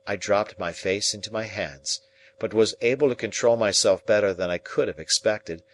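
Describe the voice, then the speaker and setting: A man narrating an audiobook of a classic novel in a steady, even storytelling voice. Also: on the low side.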